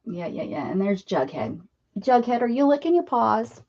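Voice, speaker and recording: A woman with a high-ish, sing-song voice chats at normal speed while crafting on a livestream in her home craft room. She greets viewers by name and talks to her pets, and the stream audio is dull and lo-fi.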